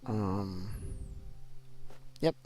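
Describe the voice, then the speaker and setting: A man's voice: lowish voice, animated, extremely slow, dark tone, faint music behind. A man chatting casually with viewers on a live game stream, answering chat and repeating himself as he talks.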